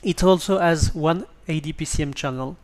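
A man with a French accent giving a hesitant spoken tutorial on a basic microphone, pausing often with ums and restarts. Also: a little high. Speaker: tutorial presenter.

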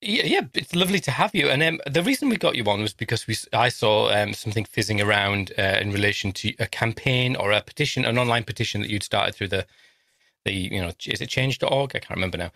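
A man's voice: lowish voice, animated, pushed and bright, no room sound. A middle-aged man from northern England hosting a podcast in a jokey, teasing chat. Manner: jokey, teasing, quick asides. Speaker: podcast host. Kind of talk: casual chat.

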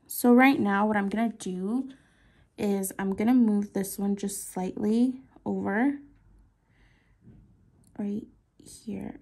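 Slow, husky young woman narrating her work. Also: medium pitch. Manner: slow, soft-spoken, often trailing into whispers while concentrating. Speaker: nail artist vlogger. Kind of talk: casual work-along narration.

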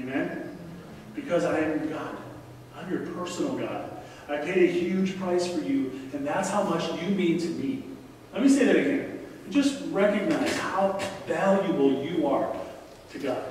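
A man's voice: a little high, measured pace, darkish tone. Man preaching in an echoey church. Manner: conversational, pleading, repeats key lines. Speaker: guest preacher. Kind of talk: sermon. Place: large church sanctuary. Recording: echoey hall from far off, faint noise.

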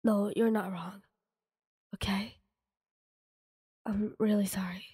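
A woman voicing a calm, remorseful teenage boy hero in a soft whisper, as whispered role-play. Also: mid-range voice, slow pace, breathy edge, big-room sound.

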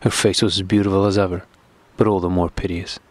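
A man narrating a classic novel audiobook in a steady, measured reading. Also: low-pitched, no room sound.

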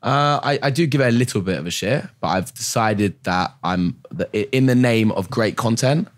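A man's voice: lowish voice, expressive, normal speed. A young British man, a magician guest on a podcast, chatting in an easygoing way, often adding "you know" and laughing. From Britain. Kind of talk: casual podcast chat.

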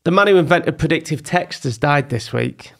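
A man's voice: fairly high pitch, animated, moderate pace, vocal fry, a bit bright. A man co-hosting a comedy podcast, bantering teasingly and reading out segments. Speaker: podcast co-host. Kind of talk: casual comedic chat.

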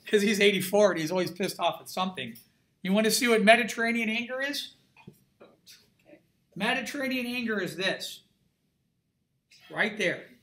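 A man's voice: high voice, moderate pace, pauses often, a bit bright. A middle-aged man, an art instructor, giving a classroom lecture in an emphatic, conversational way and checking in with his students often.

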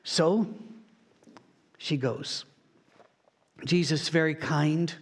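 A male pastor delivering a sermon in a storytelling way. His voice sits a little higher than most men's. He slows down and lowers his voice to draw listeners in. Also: steady tone. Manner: storytelling preacher, slows and drops to a hush for emphasis.

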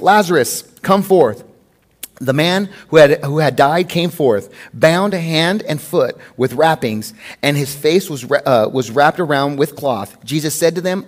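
Male pastor, sermon, fairly high voice, lively humorous storytelling. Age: adult with a wife. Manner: conversational, animated storytelling with humor.

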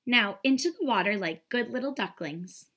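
A woman's voice: fairly high pitch, expressive, moderate pace, slightly rough, voice pushed up, heavily acted. A woman doing a caring mother duck. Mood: firm, caring. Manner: warm motherly scolding and coaxing. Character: loving, firm mother duck.

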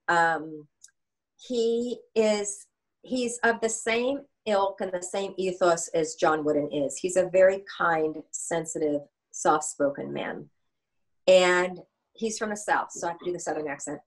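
A woman in her sixties, a coach and author, answers interview questions with lively anecdotes. She slips into the voices of the people in her stories, speaking in a somewhat low register. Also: low-quality recording. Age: 60s. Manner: animated, anecdotal, acts out dialogue.

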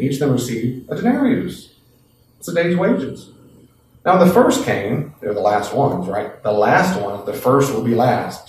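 A man teaching a Bible class, lively and folksy, acting out voices from the story. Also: mid-range voice, slight background noise. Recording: echoey classroom from a distant mic.

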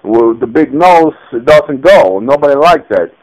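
Skit player, slow drawl, swooping pitch, mumbly and profane, radio-style sound. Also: male voice, animated, darkish tone, low-quality recording. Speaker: parody performer. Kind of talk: comedic improvised skit.

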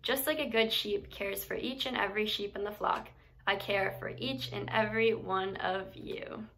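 A woman's voice: medium pitch, fairly even intonation, normal speed, gravelly, slight background noise, low-quality recording. A woman voicing a kind male teacher from a children's Bible story, read in a plain, tender storybook manner. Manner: warm, plain storybook reading.

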